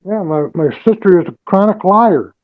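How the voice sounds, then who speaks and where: A man defending himself at a court hearing, defiant and halting, full of restarts. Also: high voice, dull audio. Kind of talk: testifying in court.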